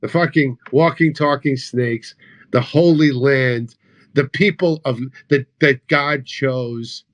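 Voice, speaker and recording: A man giving profane, mocking commentary over news clips, sarcastic and crude, swinging between loud outbursts and low mutters. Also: takes it slowly, dull audio.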